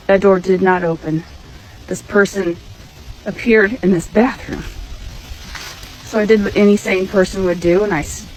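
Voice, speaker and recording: Woman, from Missouri, personal testimony storytelling, emphatic, animated, middle pitch. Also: low-quality recording.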